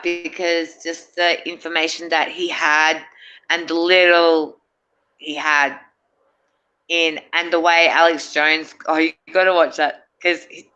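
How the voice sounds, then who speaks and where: A woman's voice: low voice, pushed and bright, muffled recording. A middle-aged woman, a guest in a casual chat, rambling and hesitant with many fillers and restarts.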